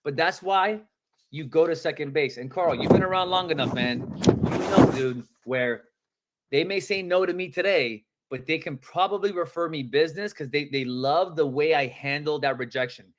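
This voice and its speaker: A man coaching real estate agents on a live-streamed sales training, talking in energetic, casual slang and acting out phone calls. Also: on the high side, normal speed.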